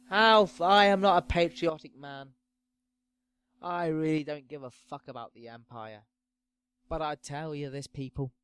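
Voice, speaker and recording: A man ranting through a sweary comedic monologue, swinging between loud outbursts and low muttering. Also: unhurried, clean tone, dry recording. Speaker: podcast host.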